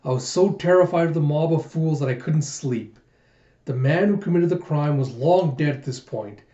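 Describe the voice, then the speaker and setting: Brief: vengeful male shogun read by a man, resentful, slightly high voice, dull recording. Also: normal speed, mellow, natural voice. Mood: bitter. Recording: muffled echoey room recording.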